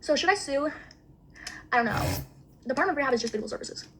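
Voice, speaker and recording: A woman's voice: high-pitched, expressive, quick pace, fairly bright tone, slight background noise. A young woman ranting bluntly in casual chat, swearing constantly.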